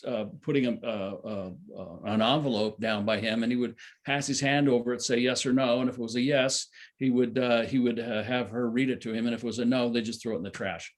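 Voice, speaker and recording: An older man telling a long personal story at a satsang, rambling with many fillers and restarts. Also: medium pitch. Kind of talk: casual spoken storytelling.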